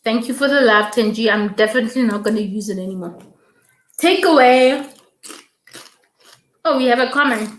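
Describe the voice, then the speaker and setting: A woman's voice: on the high side, moderate pace, long pauses, echoey room. A woman hosting a casual YouTube live stream, chatting, reading viewer comments aloud and repeating her thanks.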